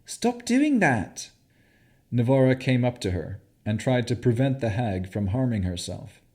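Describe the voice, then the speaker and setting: A man narrating a fantasy audiobook in a measured, expressive way. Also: medium pitch.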